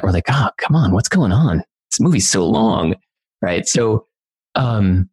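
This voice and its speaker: A man's voice: fairly low pitch, a little mellow, husky. A man chatting casually as an interview guest, telling stories about his son in a rambling way full of "like". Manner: rambling, many "like" fillers. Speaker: guest parent. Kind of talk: casual conversational storytelling.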